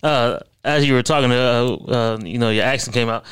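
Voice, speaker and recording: A man's voice: mid-range voice, fairly even intonation, normal speed, fairly bright tone, clean tone. A man hosting a casual interview, easygoing and laughing along as he acts out quotes. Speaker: interview host.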